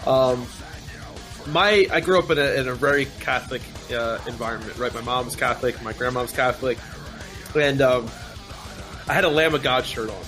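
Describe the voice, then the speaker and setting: A man chatting as a podcast guest, telling an animated, rambling story full of restarts. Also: mid-range voice, brisk, soft background music. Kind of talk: casual chat.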